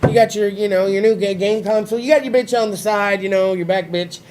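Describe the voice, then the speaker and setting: A man hosting a live talk show, telling crude stories loudly with lots of swearing and doing voices. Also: high voice, quick pace, a crowd in the background, low-quality recording. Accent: Californian. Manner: loud, profane, animated storyteller doing voices. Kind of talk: crude casual chat and storytelling. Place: studio with live audience.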